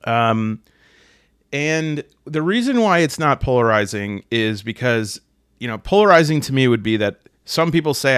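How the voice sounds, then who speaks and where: A man's voice: medium pitch, big pitch swings, normal speed, a bit bright, smooth, no room sound. Joking American man, dry close sound. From United States. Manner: joking, self-deprecating, puts on silly voices for quotes. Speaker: solo tabletop gaming host. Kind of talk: casual chat to camera.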